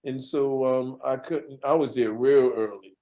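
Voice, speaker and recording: Older man, emotional storyteller, mellow voice. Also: medium pitch, unhurried. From New York. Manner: lively storyteller who acts out quoted dialogue; gets emotional when speaking of his mentor. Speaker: interview guest. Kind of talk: storytelling in an interview.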